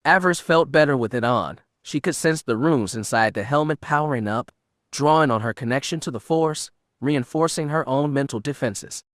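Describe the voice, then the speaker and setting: A man narrates an audiobook in a steady, measured storytelling manner. His voice is medium in pitch, and the recording is dry and of studio quality.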